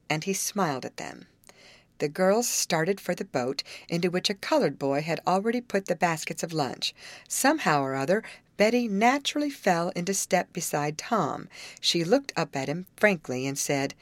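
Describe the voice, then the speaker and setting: A woman reading a storybook aloud as narrator, in an expressive, measured way. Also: low-pitched, no echo. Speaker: audiobook reader. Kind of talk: scripted narration.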